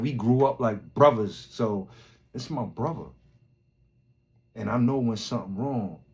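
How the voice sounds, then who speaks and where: A man tells a story from his past in an easy, mid-pitched voice. He rambles and restarts, piles on street slang and curses, and gets lively when he reaches the tense parts. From Brooklyn, New York. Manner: slangy, rambling, animated, swears a lot. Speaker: podcast host. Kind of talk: casual storytelling.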